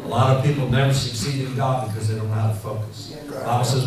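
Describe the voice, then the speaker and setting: A man preaching a sermon in a church, telling stories in an animated, rambling way full of fillers. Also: mid-range voice, quick pace, crowd noise. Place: church hall. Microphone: handheld mic. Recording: echoey hall, mic heard from far off, faint noise.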